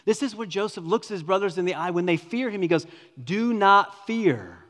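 A man preaching a sermon as pastor, swinging between loud emphatic lines and hushed near-whispers. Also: high-pitched, fast talker. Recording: long reverb of a large hall.

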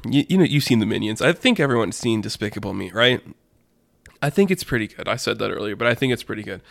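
A man's voice: on the low side, lively intonation, fast talker, creaky, fairly bright tone, no echo, studio quality. A man telling an improvised story in a rambling, filler-heavy way, laughing at his own jokes.

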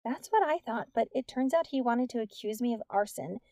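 Lady reading as a worried teen girl, urgent and shaky, a bit gravelly. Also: a little high, expressive, a little fast, mellow, no room sound, clean studio sound. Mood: anxious. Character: anxious secretive teenage girl.

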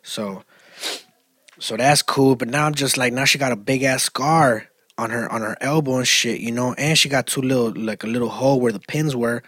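A man talks through a story in loose, profane slang, restarting sentences and piling on filler words. His voice is slightly husky, and the recording is dry and close. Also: mid-range voice, normal speed, no echo. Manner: profane slangy storytelling, grows loud and animated. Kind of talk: casual chat.

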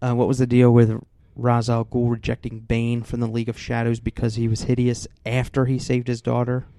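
A man's voice: medium pitch, completely flat delivery, a little fast, mellow, dry recording. Wry man reading listener mail, laughing. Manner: wry, laughs often, reads a list aloud. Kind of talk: casual movie chat.

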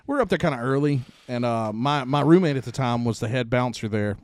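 A man's voice: medium pitch, lively intonation, fast talker, a little mellow, no echo. A man, hosting a podcast and telling profane, laughing stories in casual chat. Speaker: podcast host.

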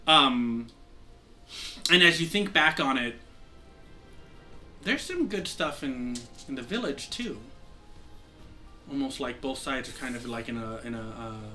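A man's voice: mid-range voice, animated, slow pace, pauses often, pushed and bright, faint music behind. A man with a sore throat narrating a tabletop game as game master, rambling with many fillers and restarts.

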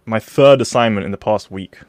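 Low-voiced young student, laid-back, close dry sound. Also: male voice, fairly quick, darkish tone, no echo. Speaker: podcast co-host, student. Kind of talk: casual chat.

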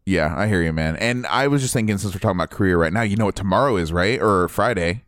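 A young man from Ohio chatting casually as a podcast co-host, animated and talkative. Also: low-pitched, fast talker, no room sound, clean studio sound. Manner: animated, chatty, says dude and man a lot. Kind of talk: casual chat.

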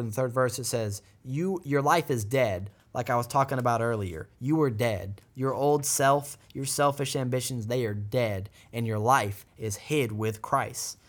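Man, podcast host, scripture teaching, earnest, fervent, mid pitch. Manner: earnest and fervent, with bursts of praise; reads scripture aloud, then explains it.

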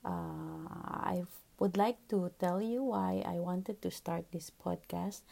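A woman in her forties hosting her own podcast, telling a personal story in an earnest, reflective way with soft fillers. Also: on the low side, gravelly. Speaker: podcast host, pediatrician.

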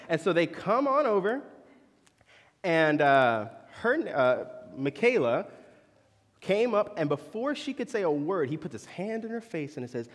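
A man's voice: on the high side, sing-song, normal speed, big-room sound. A young man preaching a sermon as a conversational story, with joking asides to the congregation.

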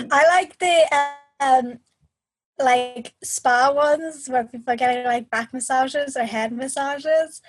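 A woman co-hosting a podcast in a casual chat, chatty and animated as she retells a story. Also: high-pitched, takes it slowly, slightly rough, low-quality recording. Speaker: podcast co-host.

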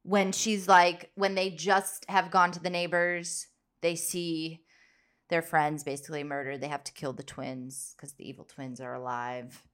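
A woman's voice: deep voice, flat delivery, a little slow, a bit bright. A young woman co-hosting a podcast, chatting casually about a film with lots of fillers. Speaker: podcast co-host.

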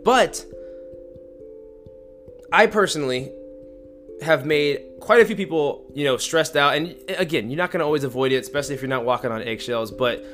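A young man hosting a podcast, telling a story in casual chat, animated and slangy, acting out the lines he quotes. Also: on the high side, moderate pace, pauses often, faint music behind. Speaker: podcast host.

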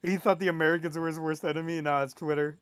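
A man's voice: a little high, flat delivery, quick pace, clear, resonant tone, dry recording. A man co-hosting a podcast in crude, casual banter, laughing a lot and quipping. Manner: laughs a lot, quips and feeds bits. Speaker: podcast co-host.

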